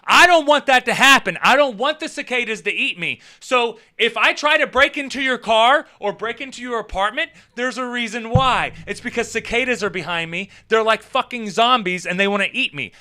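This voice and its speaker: A man hosting his own show, telling rambling comic stories in a casual, animated way with swearing. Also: very high-pitched, normal speed, hardly any pauses. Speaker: show host. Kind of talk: casual comedic storytelling.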